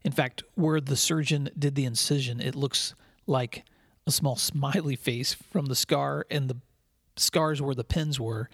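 Male podcast host: earnest, measured storyteller, husky and dry. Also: mid-range voice, fairly even intonation, no room sound. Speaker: podcast host and school leadership speaker. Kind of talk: scripted podcast monologue with storytelling.

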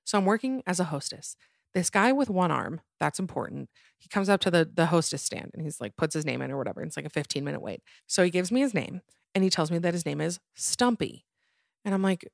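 A young woman in her twenties, a podcast host, telling her work stories in a chatty, animated way, full of "like" fillers. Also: fairly low pitch, fast talker, creaky, no echo, studio quality. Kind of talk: casual storytelling.

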